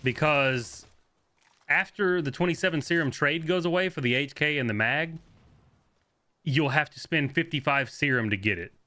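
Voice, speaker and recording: A young man streaming a shooter game, talking fast and loose as he plays, swearing, laughing and answering chat. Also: on the high side, bright, forceful tone, a little hiss or hum. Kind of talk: live gameplay commentary.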